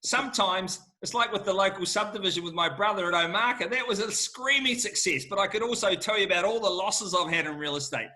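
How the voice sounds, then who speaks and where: A man's voice: high-pitched, brisk, few pauses, pushed and bright. A middle-aged man, answering questions as an auctioneer in an emphatic, fired-up salesman manner. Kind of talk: lively Q&A answers.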